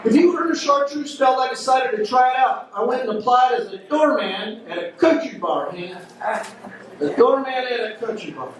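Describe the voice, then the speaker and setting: High-voiced male comic in an echoey club. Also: expressive, moderate pace. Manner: crowd work, addressing audience members by name. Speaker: stand-up comedian. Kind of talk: stand-up comedy set. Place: comedy club stage. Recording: echoey club recording from far off, loud noise.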